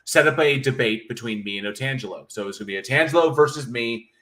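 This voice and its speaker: Dude on a livestream reading chat, jokey and sweary, super casual. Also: male voice, medium pitch, quick pace, sharp tone. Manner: loose, joking, profane, reads chat aloud. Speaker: livestream host.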